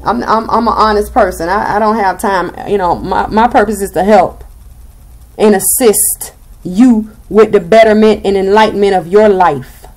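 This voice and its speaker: A woman's voice: mid-range voice, moderate pace, darkish tone. A young woman with a Southern US accent giving a blunt, sassy tarot reading and swearing freely. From Southern United States. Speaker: tarot reader.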